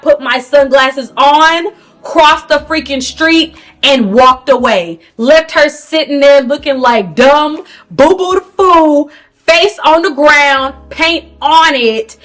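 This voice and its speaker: A young woman vlogging a storytime to camera in an animated, slangy manner, talking to viewers as "girl". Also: high voice. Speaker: beauty vlogger. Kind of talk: storytime vlog.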